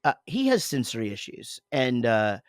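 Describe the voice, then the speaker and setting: A man in his forties tells a long story on his podcast, swearing casually and doubling back on himself. His pitch sits in the middle for a man. The recording is close and dry, with no room sound. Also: moderate pace, clear, resonant tone, no echo. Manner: rambling, profane, animated storytelling with self-interruptions. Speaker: podcast co-host, father.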